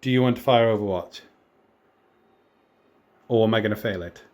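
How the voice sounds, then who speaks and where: A man narrating his moves in a tabletop wargame, chatty and self-mocking, getting excited over dice rolls. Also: on the low side, moderate pace, muffled recording. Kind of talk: casual battle report commentary.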